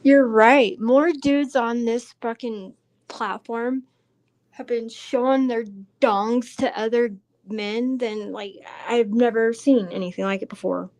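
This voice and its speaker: A woman's voice: on the high side, slow pace, darkish tone, rough recording. A woman in casual chat, blunt and profane, co-hosting the stream.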